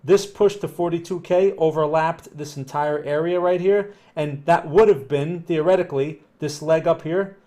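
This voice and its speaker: A man with a Northern New Jersey accent talks through market charts on a live stream, his voice sitting a little higher than most men's. He explains patiently and casually, regularly pausing to ask whether it makes sense. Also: mellow. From New Jersey, USA. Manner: conversational, explanatory, often checks "does that make sense"; upbeat when greeting viewers. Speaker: trading analyst streamer.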